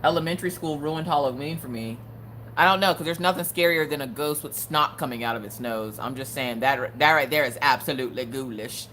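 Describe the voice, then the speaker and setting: A woman's voice: a bass voice, brisk, fairly bright tone, a little hiss or hum. A woman hosting a casual live crafting stream, chatty and joking, laughing often.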